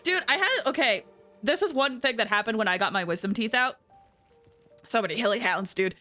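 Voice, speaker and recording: Chatty high-voiced woman streamer. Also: lively intonation, a little fast, bright, forceful tone, soft background music. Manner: chatty, giggly, rambling. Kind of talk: casual live-stream chat.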